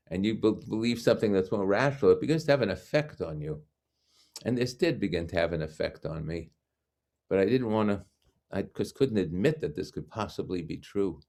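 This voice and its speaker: A man's voice: low voice, a little mellow. An older man from Brooklyn telling a personal story over a video call, reflective and acting out the voices of people he quotes. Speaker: guest speaker.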